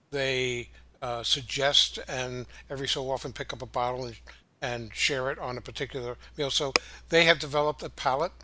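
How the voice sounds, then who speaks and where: A man hosting the show, chatting casually and pausing often on fillers. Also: medium pitch, sharp tone, dry recording. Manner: halting, many filler pauses. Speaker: host. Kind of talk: casual chat.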